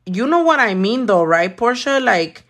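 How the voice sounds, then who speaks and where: A woman's voice: fairly high pitch, very animated, normal speed, fairly bright tone. A young woman doing her nails while chatting with live viewers, blunt and sassy, swearing often. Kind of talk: casual chat with live viewers.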